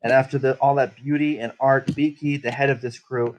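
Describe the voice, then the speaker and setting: A man playing a tabletop game bitterly recounts his character's backstory in first person, swearing throughout and rambling. His mid-range voice is flat, fairly quick, and a little mellow. The audio is poor, with a little hiss or hum.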